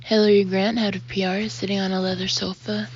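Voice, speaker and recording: A woman reading a first-person audiobook, lively and expressive, emphatic in the dialogue. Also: medium pitch, fast talker, a little hiss or hum. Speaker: audiobook narrator. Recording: dull, muffled audio.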